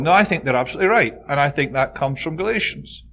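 A man's voice: fairly high pitch, quick pace, few pauses, fairly bright tone. A man giving a conversational Bible study, leaning hard on key words and often saying "you know". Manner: informal, frequent "you know", stresses key words emphatically.

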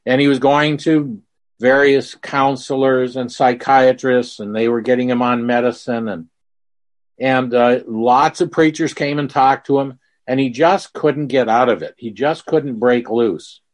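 A man preaching a sermon in a slow, earnest way, telling stories with quoted dialogue to make his point. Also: mid-range voice, steady tone. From Mississippi.

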